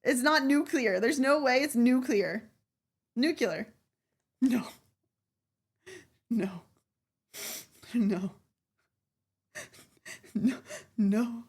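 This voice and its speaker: A woman's voice: a little high, fairly even intonation, extremely slow, long pauses, husky. A young woman streamer chatting casually and playfully, giggling and repeating words to test how she says them. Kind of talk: casual live-stream chat.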